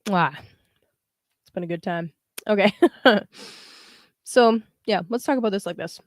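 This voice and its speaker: A woman's voice: medium pitch, a little slow, no room sound, clean studio sound. A young woman hosting a casual astrology livestream, chatting with viewers and explaining a chart with plenty of fillers. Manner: chatty, greets live viewers, frequent fillers. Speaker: astrologer and tarot livestream host.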